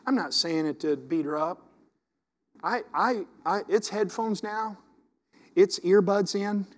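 A man preaching a sermon as pastor, swinging from hushed asides to loud, impassioned exhortation. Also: high-pitched, slow pace.

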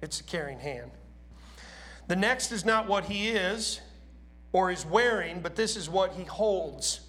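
A man's voice: sits high, lively intonation, a little slow, a bit bright, soft background music. A man preaching a sermon in a church, talking casually and asking his congregation questions.

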